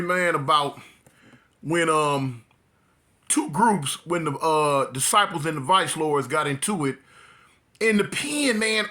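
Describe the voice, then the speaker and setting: This is a man, talking casually like a storyteller to his audience. His voice sits a little high and rings bright. He laughs easily and often as he tells the tale, with relaxed street slang. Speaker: storyteller vlogger.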